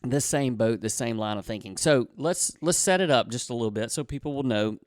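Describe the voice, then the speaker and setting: A man's voice: mid-range voice, lively intonation, a little fast, no echo, clean studio sound. A man in his forties co-hosting a marriage podcast, telling a story in a rambling, casual way and correcting himself often. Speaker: podcast co-host.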